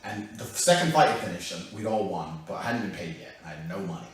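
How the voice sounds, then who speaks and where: A man telling a profane, animated story. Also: low voice, fast talker. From England. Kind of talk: casual anecdote. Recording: very echoey room, mic far off.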